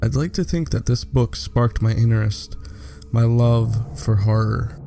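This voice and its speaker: A man reads horror stories aloud as a theatrical host, pausing for slow dramatic effect. His voice is dark and gravelly at a mid pitch. Soft music plays quietly underneath. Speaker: horror story narrator. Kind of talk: scripted narration.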